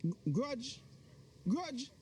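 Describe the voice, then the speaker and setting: An actor playing Donovan, a jealous working Jamaican husband loudly complaining about his wife and the pastor. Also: very high voice, big pitch swings, extremely slow, a little hiss or hum, full character voice. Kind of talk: Jamaican film drama acting.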